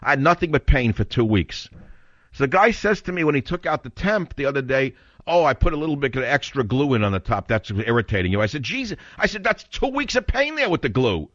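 Older man, talk radio host, rambling and exasperated, lively swooping pitch, dry and slightly dull studio sound. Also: fast talker, dry recording.

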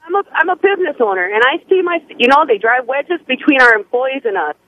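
A woman from Wisconsin calling into a radio talk show, blunt and emphatic, quick to laugh. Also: sits high, animated, breathy edge. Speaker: caller. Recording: muffled phone line.

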